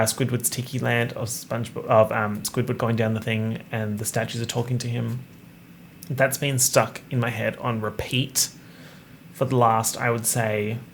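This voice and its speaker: A man's voice: mid-range voice, creaky, a bit bright, a little hiss or hum. A young man hosting a solo podcast, joking and swearing casually as he wanders off on tangents. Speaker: podcast host. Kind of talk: rambling solo podcast chat.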